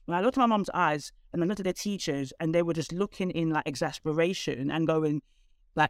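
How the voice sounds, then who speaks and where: A woman's voice: on the low side, dry recording, studio quality. Candid woman. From London, England. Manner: candid, animated, quick asides. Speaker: guest. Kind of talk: personal storytelling in conversation.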